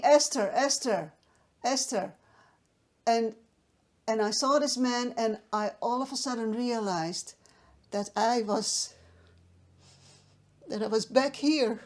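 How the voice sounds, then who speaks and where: A woman's voice: on the high side, darkish tone. Hesitant woman sharing a personal story. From Netherlands. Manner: hesitant, restarts often, emotional. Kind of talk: personal testimony to camera.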